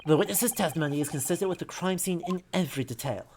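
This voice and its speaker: A woman voicing a composed, aloof male prosecutor with crisp, formal delivery. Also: low voice, expressive, fast talker, darkish tone, pitched below the performer's own voice. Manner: crisp, formal courtroom narration.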